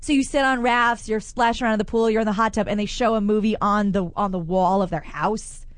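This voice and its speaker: A woman co-hosting a radio show, telling stories in animated, blunt and crude casual banter. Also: mid-range voice, brisk, no echo. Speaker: radio co-host. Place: radio broadcast from a shopping promenade.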